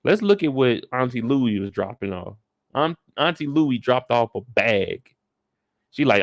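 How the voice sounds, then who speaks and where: A man's voice: medium pitch, very animated, measured pace, no echo, studio quality. A man hosting a casual live recap of a TV episode, talking in a laid-back, slangy way with joking asides. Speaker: show recap host.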